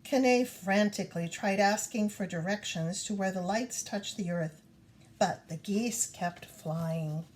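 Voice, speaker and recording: A woman reading a children's storybook aloud in an expressive storytelling manner. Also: medium pitch, unhurried, a little hiss or hum. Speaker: reader.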